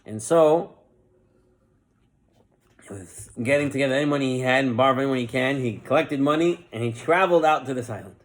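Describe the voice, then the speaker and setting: A man's voice: medium pitch, fairly quick, long pauses. A man, a rabbi, giving a Torah class, telling a parable. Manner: animated parable-telling with lively voiced quotes.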